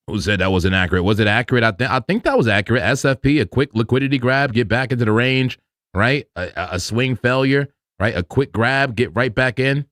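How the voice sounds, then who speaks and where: A man hosting a casual live crypto trading stream who talks excitably, laughs loudly and repeats himself. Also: medium pitch, dry recording, clean studio sound.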